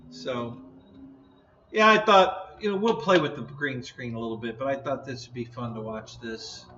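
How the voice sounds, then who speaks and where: A man's voice: mid-range voice, unhurried, pauses often, sharp tone, roomy sound, distant mic, muffled recording, a little hiss or hum. A man hosting a casual live stream, chatting in a rambling way, laughing often and yawning.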